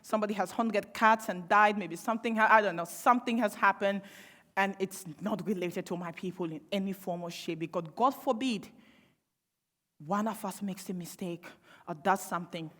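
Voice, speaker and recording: A woman's voice: mid-range voice, moderate pace, a bit bright. A young woman giving a public speech, impassioned and sarcastic, with rhetorical questions. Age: young adult. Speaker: panel speaker. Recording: long hall reverb.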